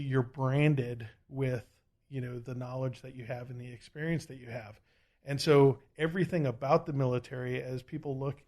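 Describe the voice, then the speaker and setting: A man's voice: medium pitch, a little mellow. A man who is a military veteran, talking earnestly as a podcast guest, with many fillers. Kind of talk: casual political discussion.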